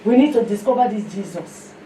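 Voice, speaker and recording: A woman with a Nigerian accent giving a sermon mixed with her own testimony, telling stories in an animated way. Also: mid-range voice, a little fast. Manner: storytelling, animated, breaks into song. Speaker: fellowship speaker. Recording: echoey room, mic heard from a distance, faint noise.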